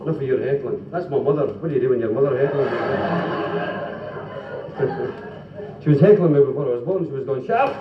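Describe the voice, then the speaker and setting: A man's voice: medium pitch, heavy background noise. Scottish man doing stand-up in a club. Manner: quick joke-telling with comic voices and asides. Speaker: stand-up comedian and singer. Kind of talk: live stand-up comedy with jokes and song. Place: club function room before a live audience. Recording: 1970s live club recording, roomy, dull, from far off.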